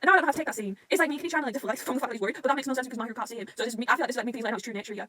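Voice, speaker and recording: A woman in a casual fan reaction vlog, gushing and emotional, swearing freely and jumping into excited squeals. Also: fairly high pitch, rapid-fire, no echo. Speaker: manga reaction vlogger.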